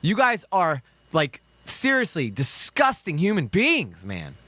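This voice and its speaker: A man with a Southern US accent reacts to videos in an angry, profane rant. His voice swings up and down with a bright, cutting edge. The sound is dry and close. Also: on the high side, wildly swooping pitch, slow, dry recording. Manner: heated, profane, ranting. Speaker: commentary streamer reacting to videos.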